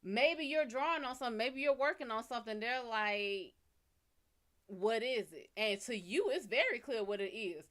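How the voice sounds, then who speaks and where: A woman's voice: on the high side, animated, normal speed, a bit bright. A woman hosting a live psychic reading stream, giving casual advice bluntly and swearing freely. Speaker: psychic reader and livestream host.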